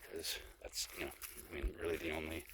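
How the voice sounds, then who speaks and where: A man's voice: very deep voice, level tone, a little fast, sharp tone. A young man rambling casually as he hikes down a mountain trail, talking to the camera with many fillers and restarts. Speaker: travel vlogger. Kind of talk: casual vlog narration while hiking. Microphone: handheld camera. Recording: noisy outdoor camera audio.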